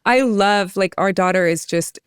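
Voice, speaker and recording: A woman's voice: medium pitch, normal speed, smooth, no room sound, studio quality. Chatty woman podcast host. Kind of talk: casual chat.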